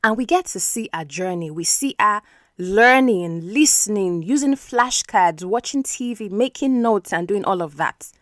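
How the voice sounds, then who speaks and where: A woman's voice: medium pitch, lively intonation, unhurried, no echo, clean studio sound. A woman hosting an English-learning podcast who explains words patiently and keeps checking in with the listener. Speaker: English teacher and podcast host.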